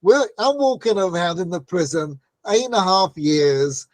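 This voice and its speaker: A man's voice: high-pitched, lively intonation, unhurried, no room sound. A man teaching a Torah class, telling stories in a conversational way with frequent "right?" asides and acted-out quotes. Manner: acts out quoted voices in stories.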